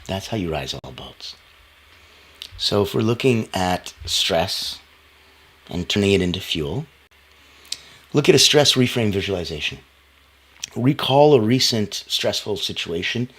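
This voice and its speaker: A man giving a motivational talk, coaching listeners directly in an emphatic, animated way. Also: on the low side, unhurried, pauses often, husky. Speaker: motivational speaker.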